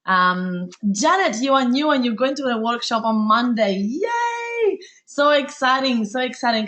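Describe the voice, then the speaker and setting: A woman from Italy with an Italian accent, hosting a live webinar in a fast, bubbly, chatty way with many fillers. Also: medium pitch, a bit bright. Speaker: webinar host.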